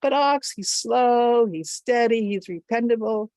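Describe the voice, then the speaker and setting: A woman's voice: medium pitch, lively intonation, measured pace, a little mellow, no room sound. A woman voicing a prim, opinionated goat who complains in a raised voice. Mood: fussy.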